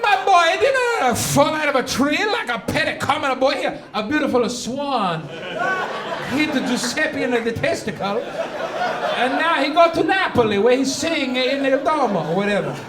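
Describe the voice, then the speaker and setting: A comedian doing a boastful, over-the-top Italian man who shouts and exclaims in a very high, strained voice. He is heard from afar in an echoey live venue, with a crowd laughing behind him. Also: sing-song, measured pace, recorded from a distance, noisy background, full character voice. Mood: excuse-making. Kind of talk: stand-up comedy bit.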